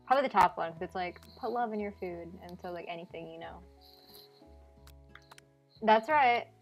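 A woman's voice: on the low side, fast talker, soft background music. A young adult woman streaming a game, chatting casually with lots of likes and you-knows. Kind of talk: live game commentary.

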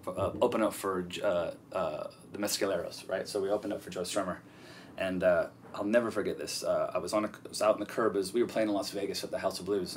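Rambling, fast-talking man. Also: lowish voice, slight background noise. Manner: profane, rambling, halting with many restarts. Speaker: guest. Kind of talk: casual storytelling interview.

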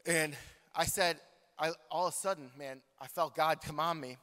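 A man's voice: fairly high pitch, moderate pace. A man preaching a sermon, telling a story with jokes and calling out to the congregation. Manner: animated, joking, talks to the congregation. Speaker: pastor. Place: large church hall. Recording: long hall reverb.

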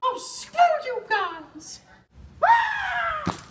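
A woman voicing a manic, squeaky male cartoon mouse in a student comedy sketch, shrieking and rambling. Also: huge pitch swings, drawn-out words, fairly bright tone, raised voice, full character voice, poor audio. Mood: sulky.

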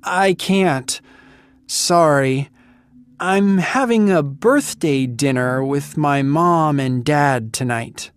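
Woman doing shy teen boy, hesitant, stammering, low voice, storybook. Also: slow, clean tone, dry recording. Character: shy, awkward teenage boy guitarist.

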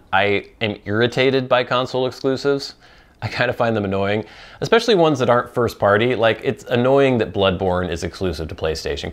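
Man, host, casual chat, low voice, rambling, viewer Q&A. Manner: rambling, with frequent ums and restarts. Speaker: host of a pipe-smoking talk show.

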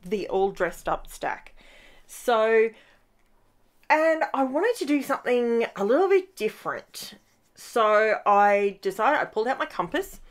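A middle-aged woman talks through her crafting project in a relaxed, rambling way. She chats to her viewers like friends while she works at her desk at home. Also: medium pitch. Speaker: scrapbooking channel host. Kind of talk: casual crafting tutorial talk.

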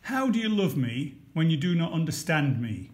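A man voicing the sea in a storybook, a calm and wise figure who speaks quietly. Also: fairly high pitch, moderate pace. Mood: questioning.

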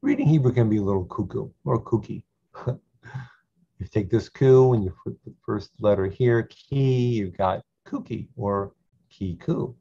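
Slow, gravelly-voiced male Hebrew teacher. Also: on the low side, dark tone. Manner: patient, repeats each syllable for learners. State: clearing his throat. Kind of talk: slow drilled reading lesson. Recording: dull lo-fi sound.

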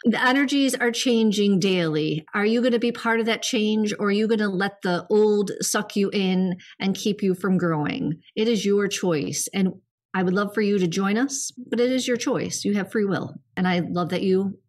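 A woman's voice: mid-range voice, moderate pace. A middle-aged woman co-hosting a spiritual podcast, talking earnestly in a rambling casual way with many fillers. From United States. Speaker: podcast co-host.

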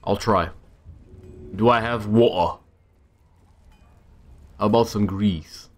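A man's voice: on the low side, slow pace. A young man casually commenting on his own gameplay, talking to himself with exasperated outbursts. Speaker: gamer. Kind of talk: let's-play commentary.

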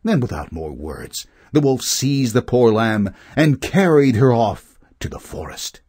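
A man narrating children's fables with expressive, measured storytelling. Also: mid-range voice, slightly rough. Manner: slow, expressive reading.

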